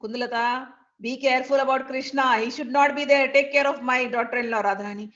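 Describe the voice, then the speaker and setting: A stern, commanding mother-in-law, protective of her daughter-in-law, as a woman storyteller voices her. She speaks up loudly on a dull, lo-fi recording. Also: sits high, steady tone, fast talker.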